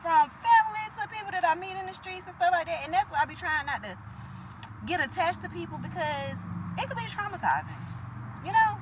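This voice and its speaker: A woman's voice: very high voice, very animated, brisk, noisy background. A woman, talking bluntly and profanely to the camera in a preachy, emphatic way. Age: 30s.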